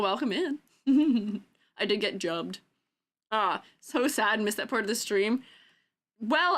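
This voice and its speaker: A woman's voice: a little high, a bit bright. A young adult woman streaming, chatting casually and giggling with her viewers. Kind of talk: casual chat.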